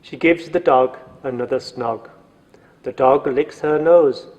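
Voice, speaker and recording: A man's voice: on the high side, expressive, a little slow, a little mellow, in a large hall, dull audio. A man narrating a story from a script in a dry, wry manner.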